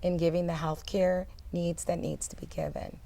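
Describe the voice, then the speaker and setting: Gravelly, low-voiced enthusiastic woman. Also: little pitch movement, moderate pace, mellow. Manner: enthusiastic and affirming, with many agreeing interjections. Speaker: nurse educator. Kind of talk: panel discussion.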